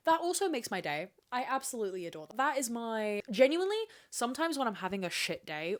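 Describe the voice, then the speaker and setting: A young woman hosts a solo podcast in a loose, rambling way. She swears freely, quizzes herself and answers back, and talks in a mid-range voice. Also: mid-range voice. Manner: candid, profane, rambling, self-questioning. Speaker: podcast host. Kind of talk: casual solo podcast chat.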